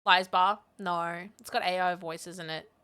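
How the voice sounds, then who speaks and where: A woman streaming live, her voice bright and clear. She rambles in a candid, self-deprecating way and often laughs at herself. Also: fairly low pitch, fairly even intonation, a little slow. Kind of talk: casual live-stream chat.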